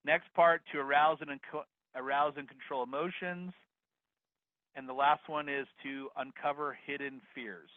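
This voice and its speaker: A man teaching a live online real estate course, energetic and upbeat, talking straight to the attendees. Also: fairly high pitch, moderate pace, dry recording. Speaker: real estate investing instructor. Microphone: video call. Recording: dry phone-like video call audio.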